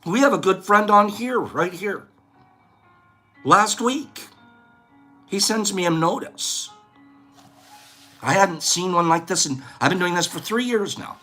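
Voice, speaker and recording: A man's voice: high voice, a little slow, long pauses, bright, forceful tone, faint music behind. A man hosting a casual vlog, rambling and lecturing as he talks. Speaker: host.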